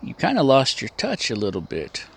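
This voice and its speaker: A man voicing a sly, road-worn male gunman who talks in a wry, needling way, a little louder than his narration. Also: mid-range voice, wildly swooping pitch, normal speed, a little hiss or hum.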